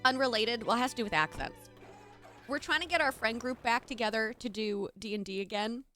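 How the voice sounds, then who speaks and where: A bubbly young woman streamer chatting with her viewers between gameplay. Her voice is bright and fairly high, swooping up and down with lively energy as she gushes her thanks. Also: fairly quick, faint music behind. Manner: bubbly, gushing, thanks chat warmly. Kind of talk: casual live-stream chat.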